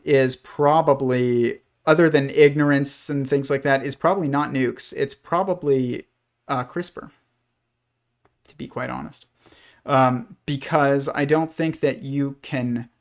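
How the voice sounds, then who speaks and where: A man's voice: medium pitch, creaky. A man hosting a livestream, talking through ideas in a rambling, hesitant way with many fillers and restarts. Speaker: livestream host. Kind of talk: casual livestream commentary.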